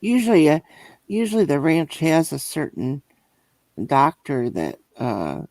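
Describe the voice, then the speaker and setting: A man in casual chat giving short, slow replies. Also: fairly high pitch, wildly swooping pitch, vocal fry, a little mellow, no room sound. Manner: slow, brief responses. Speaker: listener.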